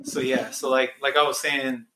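A man talking as a podcast guest, reflective and halting, with many restarts. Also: medium pitch, flat delivery, sharp tone, reverberant, a little hiss or hum. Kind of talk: casual conversation.

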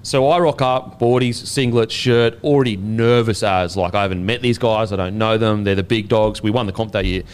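A man's voice: on the low side, normal speed, hardly any pauses, clean tone. A man with an Australian accent, a former rugby league player, telling a story in casual podcast chat, swearing freely and laid-back. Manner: profane, laid-back and animated, laughing as he tells it.

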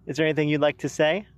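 A woman hosting a ghost hunt outdoors, asking spirits calm, firm, repeated questions. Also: deep voice, a little hiss or hum. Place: outdoors in a park at night.

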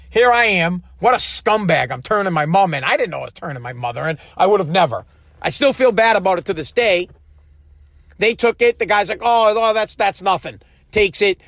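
A man's voice: high voice, fairly bright tone, dry recording, studio quality. A man telling a personal story in a blunt, heated, profane rant. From United States. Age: adult. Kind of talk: ranting monologue.

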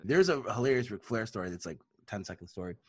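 Casual storyteller, man in his 30s, husky tone, rambling and full of fillers. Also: lowish voice, quick pace, no room sound. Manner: rambling, animated, many fillers. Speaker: podcast co-host.

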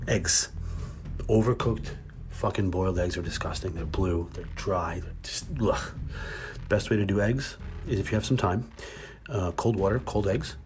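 A man hosting his own podcast, talking casually and swearing a lot as he tells animated workplace stories, then giving cooking tips more calmly and quietly. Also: lowish voice, a little hiss or hum. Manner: animated storytelling with lots of swearing. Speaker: podcast host. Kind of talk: casual monologue.

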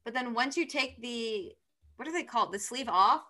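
A woman's voice: fairly high pitch, animated, normal speed, pushed and bright. A woman co-hosting a podcast, chatting enthusiastically about books and reading passages aloud. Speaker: podcast co-host. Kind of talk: casual chat about books.

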